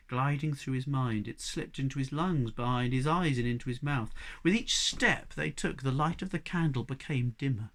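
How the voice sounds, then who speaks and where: Man giving a measured audiobook reading. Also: medium pitch. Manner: measured, expressive storytelling. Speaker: reader. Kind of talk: audiobook narration.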